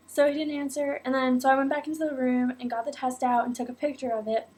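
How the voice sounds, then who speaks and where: A young woman vlogger telling a personal story in a casual, animated way, full of "like" and "oh my God". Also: sits high, a little fast. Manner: animated, acts out quotes, many fillers like "like" and "oh my God".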